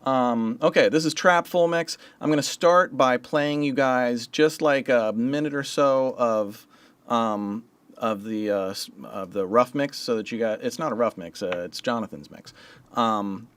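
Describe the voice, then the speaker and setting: A man's voice: medium pitch, a little slow, clear, resonant tone. A man hosting a livestream as a mixing engineer, talking in a loose, chatty way with slang and the odd swear word. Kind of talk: casual livestream teaching.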